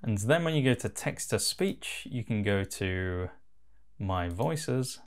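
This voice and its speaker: A man giving a relaxed, casual voice-over as he walks through a software tutorial. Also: fairly low pitch, slow. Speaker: tutorial host.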